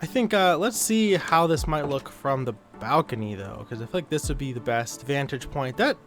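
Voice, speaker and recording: A man's voice: medium pitch, lively intonation, moderate pace. A man giving casual, rambling commentary while playing a building game, often correcting himself and getting sidetracked. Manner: rambling, self-correcting, easily distracted. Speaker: gaming YouTuber. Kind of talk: casual let's-play commentary. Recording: background music.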